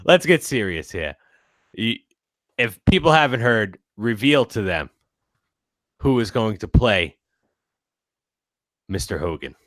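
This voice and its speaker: A man's voice: lowish voice, big pitch swings, slow pace, pauses often, fairly bright tone, no room sound, clean studio sound. A man co-hosting a casual podcast, swearing often. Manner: swears a lot, laughs easily. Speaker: podcast co-host.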